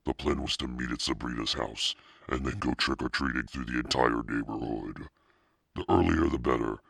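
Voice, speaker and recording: A man reading a children's novel aloud as narrator in a steady, plain storytelling manner. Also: extremely low pitch, normal speed, creaky, slightly rough, no echo, clean studio sound. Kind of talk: audiobook reading.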